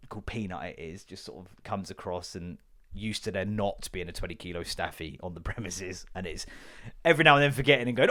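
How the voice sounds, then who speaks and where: A man's voice: sits low, a little fast. A man, telling stories in a sweary solo comedy podcast rant and acting out the people he quotes. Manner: sweary, animated storytelling with acted quotes. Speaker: podcast host.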